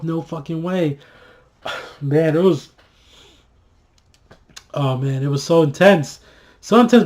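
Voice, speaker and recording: A man with a slightly high voice talks through a TV episode in a loose, casual review. He gets worked up easily, swears freely, and keeps trailing off into "uh" and "like" as he restarts his sentences. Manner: excitable, swears freely, many fillers and restarts.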